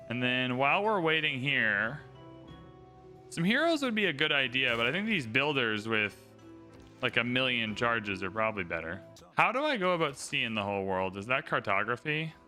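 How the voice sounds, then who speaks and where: A man's voice: mid-range voice, sharp tone. A man giving casual, upbeat livestream commentary while playing a strategy game, thinking aloud and chatting to his viewers.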